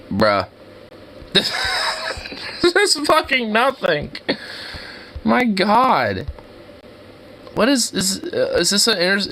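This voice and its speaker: A man giving casual, excitable commentary while browsing street view, slangy and laughing often. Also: sits high. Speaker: streamer.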